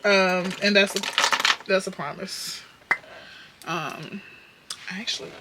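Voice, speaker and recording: A young woman doing her makeup while chatting to her viewers, candid and profane, slipping from muttered whispers into loud bursts. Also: medium pitch, steady tone, slow, noisy background. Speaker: beauty vlogger.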